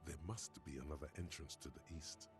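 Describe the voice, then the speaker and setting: A man voicing a gruff inner-voice narrator in a video game, reading scripted narration with a gravelly, husky sound. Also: very deep voice, a little fast, soft background music. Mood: terse.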